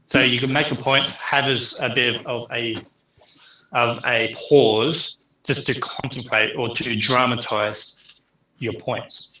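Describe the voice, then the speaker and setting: A man's voice: mid-range voice, fairly even intonation, sharp tone, echoey room, poor audio. A middle-aged man, teaching an online class in a chatty way full of fillers. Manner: chatty, filler-heavy, speeds up and slows down. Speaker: university lecturer.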